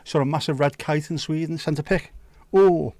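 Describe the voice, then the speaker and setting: A man hosting a livestream, chatting casually with viewers and cracking sweary jokes and quick asides. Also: fairly high pitch, fairly even intonation, darkish tone, no echo. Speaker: livestream host. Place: home livestream setup.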